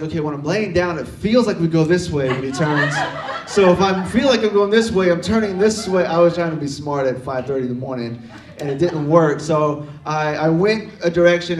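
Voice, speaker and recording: Animated, laughing pastor in an echoey hall. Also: male voice, fairly high pitch, distant mic. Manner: animated, laughing often, acting out voices in his story. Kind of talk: storytelling sermon. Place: church auditorium.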